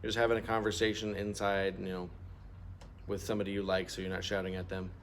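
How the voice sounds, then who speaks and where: A man's voice: low voice, monotone, quick pace. A middle-aged man teaching a music lesson, patient and explaining step by step, asking students to repeat terms aloud. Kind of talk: instrument lesson walkthrough.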